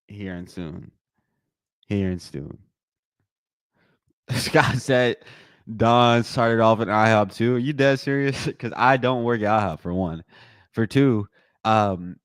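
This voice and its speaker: A young man commentating a live watch party, joking with his chat in a slangy, excitable way. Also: no echo, studio quality. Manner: excitable, joking, slangy, bursts into high-pitched reactions.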